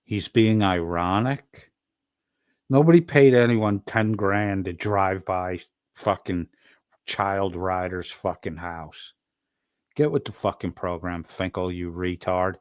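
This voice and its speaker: A man's voice: deep voice, takes it slowly, clean tone, no echo, clean studio sound. A man streaming profane, mocking commentary, swearing constantly and throwing insults at someone in a clip.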